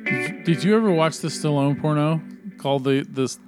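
A man's voice: on the high side, normal speed, over music. A man co-hosting a podcast, joking and swearing in casual chat. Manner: joking, profane. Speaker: podcast co-host.

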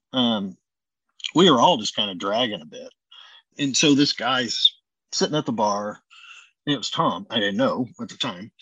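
A man's voice: mid-range voice, no room sound, highs cut off. A man, a chef and restaurant owner, telling a long anecdote in a casual interview, acting out bits of the dialogue as he goes. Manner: animated storyteller acting out dialogue.

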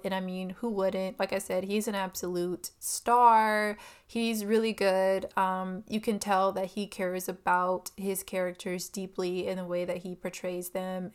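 A woman's voice: mid-range voice, clean tone. A young woman chatting casually about a film, giggling and full of fillers and asides.

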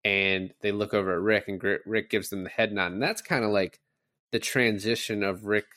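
A man's voice: lowish voice, fairly even intonation, normal speed, pushed and bright, dry recording, clean studio sound. A man co-hosting a podcast who chats casually about a film, retelling scenes with lots of fillers. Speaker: podcast co-host. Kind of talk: casual movie discussion.

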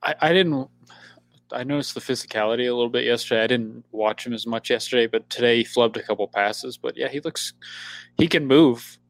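A man co-hosting a sports podcast, giving relaxed, matter-of-fact analysis in casual chat. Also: medium pitch, fairly quick, gravelly, no room sound. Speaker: podcast co-host.

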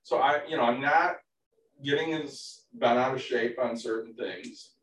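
A man who coaches baseball, co-hosting a casual podcast, telling stories in an animated way with casual swearing. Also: mid-range voice, measured pace, slight background noise. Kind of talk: casual chat. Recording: roomy, distant from the mic.

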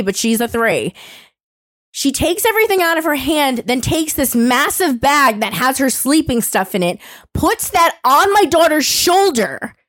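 A young woman telling a story in casual chat, animated and expressive, swearing freely. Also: high voice, no echo.

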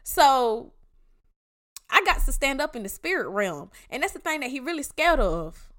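A woman's voice: high-pitched, very animated, normal speed, a bit bright. A woman from Georgia with a Southern accent hosting a devotional podcast, exhorting her listeners in emphatic, slangy casual talk. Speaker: podcast host.

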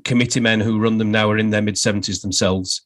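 A man's voice: fairly low pitch, steady tone, a bit bright. Give me a man as an interview guest, wry, stumbling over restarts. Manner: halting, many restarts, wry with frequent laughs. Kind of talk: casual interview chat.

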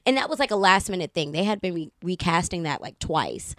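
An actress from Baltimore telling a lively story as a guest on a casual chat show, slipping into the voices of the people she quotes. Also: lowish voice, brisk, no room sound, clean studio sound.

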